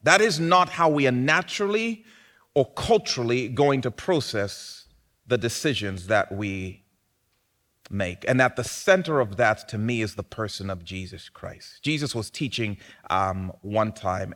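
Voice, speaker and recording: A man delivering a sermon in a medium-pitched voice that swings widely up and down. He preaches with animation, rising to loud, emphatic peaks before dropping back to quieter, lower passages. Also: lively intonation, measured pace. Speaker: pastor.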